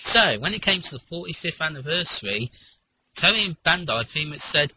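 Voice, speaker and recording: A man with a slightly high, husky voice rambles through a casual chat and swears freely. The sound is muffled and lo-fi. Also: sing-song, brisk. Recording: muffled lo-fi recording.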